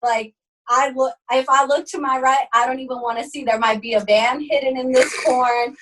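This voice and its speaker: Young woman, podcast co-host, casual storytelling, animated and profane, slightly high voice, sits a bit off-mic. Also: moderate pace, recorded from a distance, noisy background. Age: young adult. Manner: animated, swearing, acts out quotes with big pitch jumps.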